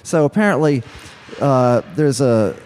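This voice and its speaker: A man's voice: mid-range voice, lively intonation, measured pace, darkish tone, slight background noise. Casting note: male podcast co-host, sleepy delivery, loose and chatty. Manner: tired, trailing restarts. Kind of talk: casual podcast chat.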